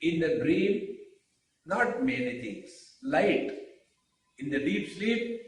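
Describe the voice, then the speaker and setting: A man giving a spiritual discourse, speaking deliberately with rhetorical questions and pauses. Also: high voice, animated. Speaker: spiritual teacher. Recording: very echoey room, mic far off.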